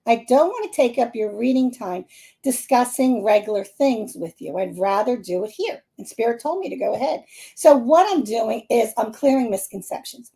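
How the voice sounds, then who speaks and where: Chatty high-voiced woman from the Philadelphia area. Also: normal speed, creaky. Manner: chatty, animated, laughing often. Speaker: psychic medium hosting a live stream. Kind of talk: casual live-stream talk to viewers.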